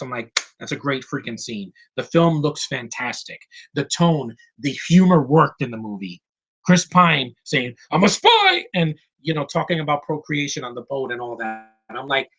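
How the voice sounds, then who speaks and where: Husky-voiced man ranting about movies. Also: a little high, rough recording. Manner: excitable, swears freely, restarts sentences. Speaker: movie reviewer. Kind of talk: casual film review rant.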